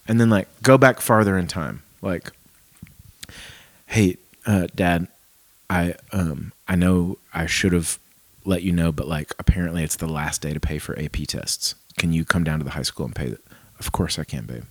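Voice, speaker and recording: A man in his forties, a pastor, chatting casually and acting out remembered conversations in a soft voice. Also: low-pitched, normal speed, no echo. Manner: storytelling, acts out dialogue softly. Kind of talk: casual podcast chat.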